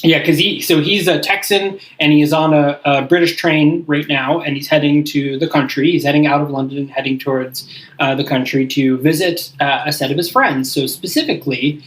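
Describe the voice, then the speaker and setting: A man's voice: on the high side, fairly even intonation, fairly bright tone, rough recording. A man co-hosting a podcast, recapping a movie in rambling casual chat full of fillers. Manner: rambling, filler-heavy, acts out quick character lines. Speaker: podcast co-host.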